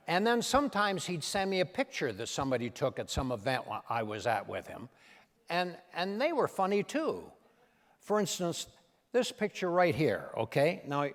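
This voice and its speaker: An older man, a comedian and impressionist, telling anecdotes on stage with an animated, punchline-driven delivery. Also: mid-range voice, in a large hall. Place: event stage in a large hall.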